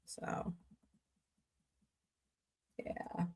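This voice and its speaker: With drawn-out words and a darkish tone, a middle-aged Southwest Missouri woman hosts a laid-back livestream. She chats and rambles while responding to what viewers write.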